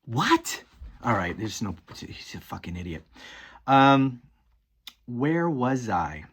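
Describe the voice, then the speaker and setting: A man's voice: mid-range voice, expressive, slow, fairly bright tone, breathy edge. Profane, exasperated political commentator man. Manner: profane, exasperated, repeats his words. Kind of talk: casual political rant.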